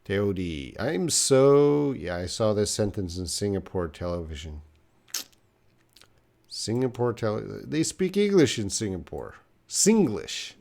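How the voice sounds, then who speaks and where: A man's voice: on the low side, big pitch swings, unhurried, gravelly, a little mellow. A man teaching English on a live stream, answering viewers' questions with patient explanations and example sentences.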